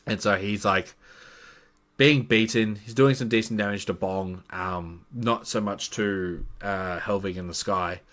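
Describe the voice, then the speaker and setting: A man's voice: on the low side, measured pace, fairly bright tone. A man acting as game master, casually recapping a tabletop campaign in a rambling way with many fillers.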